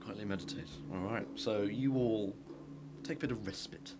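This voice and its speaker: A man with a fairly low voice runs a tabletop game. He describes scenes in a relaxed, casual way full of fillers. Background noise is clearly audible throughout. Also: moderate pace. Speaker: game master.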